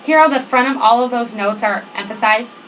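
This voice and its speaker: A fairly high-voiced woman runs a band rehearsal, counting off and steering her students with steady directions. Band music plays clearly behind her in the rehearsal room. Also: brisk, low-quality recording. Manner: directive, counts off tempo, checks in with "okay?". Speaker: band teacher. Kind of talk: rehearsal instruction. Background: student band playing.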